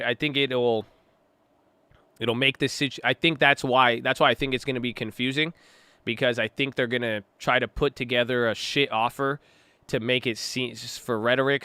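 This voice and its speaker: A young man hosts a casual livestream, reading chat messages aloud and riffing on them in relaxed, slangy talk. His voice is bright and crisp, and it comes across close and dry with no room sound. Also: medium pitch, dry recording. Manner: loose and chatty, reacting to chat, slang-heavy.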